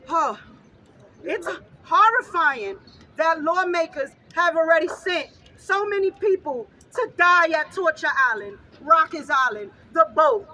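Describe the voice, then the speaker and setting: A grieving mother speaking at an outdoor rally, fervent and repetitive, often rising to a shout. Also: extremely high pitch, rough recording. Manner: fervent, raises voice to a shout, repeats phrases. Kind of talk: impassioned protest speech.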